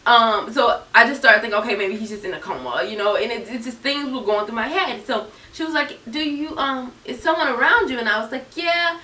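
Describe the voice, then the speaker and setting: A woman's voice: on the high side, fairly quick, hardly any pauses, pushed and bright, far from the mic. A young woman in her twenties telling a personal story straight to her viewers in an earnest, chatty way. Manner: earnest, addresses viewers directly. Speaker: YouTuber. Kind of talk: storytime vlog. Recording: echoey room, mic set back.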